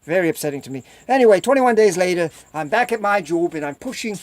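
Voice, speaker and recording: High, lively rambling man on a dry mic. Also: fast, no echo. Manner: rambling, repetitive storytelling; acts out other people's voices in a high squeal. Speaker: vlogger. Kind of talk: rambling solo video chat.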